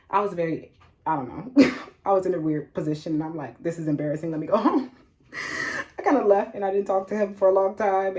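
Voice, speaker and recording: A woman's voice: sits low, darkish tone, poor audio. A young woman telling a personal storytime in a casual vlog, blunt and profane, laughing often and tagging lines with "okay?".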